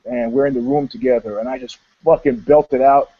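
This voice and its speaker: A man co-hosting a podcast, telling stories in casual chat in an animated, laughing way. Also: medium pitch, brisk, phone-quality sound. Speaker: podcast co-host.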